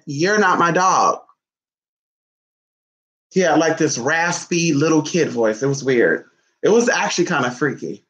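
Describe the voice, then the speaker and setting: A man in casual vlog talk, playful and sassy, cooing baby talk at his dog between remarks to viewers. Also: a little high. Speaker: vlogger. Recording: dull lo-fi sound.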